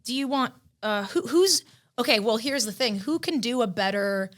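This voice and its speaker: A woman's voice: fairly high pitch, expressive, normal speed, a bit bright. A woman comedian chatting casually on a comedy podcast, rambling and full of fillers. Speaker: comedian guest.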